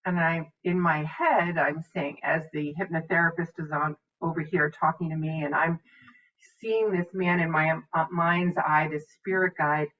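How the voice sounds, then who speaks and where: A woman's voice: low-pitched, steady tone, unhurried. A middle-aged woman minister and medium telling a reflective spiritual story. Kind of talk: spiritual talk. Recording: dull distant mic.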